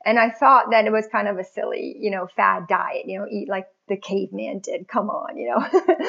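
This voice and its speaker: Woman guest, animated and chatty, recounting her story; mid-range voice, muffled lo-fi recording. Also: medium pitch, moderate pace, gravelly. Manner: chatty, animated, laughs often. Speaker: podcast guest. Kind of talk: casual personal story.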